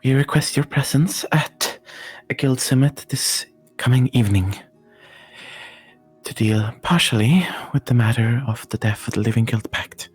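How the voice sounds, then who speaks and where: A man voicing a steady male guild leader who speaks in a calm, firm, measured way. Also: medium pitch, breathy edge, faint music behind. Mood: composed.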